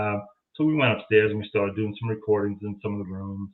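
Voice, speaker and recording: A man's voice: lowish voice, fast talker. Guy on a video call telling a ghost story, acts out the quotes, sounds tinny like a phone. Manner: animated storyteller acting out quoted dialogue. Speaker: guest, paranormal audio investigator. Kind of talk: casual storytelling.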